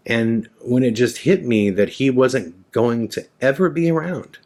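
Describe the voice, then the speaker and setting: A man's voice: medium pitch, lively intonation, unhurried, a little mellow. A man in his forties hosting a podcast, telling a candid personal story in a frank, rambling way and swearing freely. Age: 40s. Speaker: podcast host.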